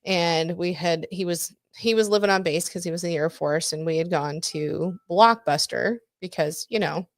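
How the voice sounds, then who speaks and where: A woman's voice: on the low side, moderate pace, hardly any pauses, no echo. A woman in her forties co-hosting a podcast, chatting candidly, swearing freely and laughing often. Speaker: podcast co-host. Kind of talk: casual chat.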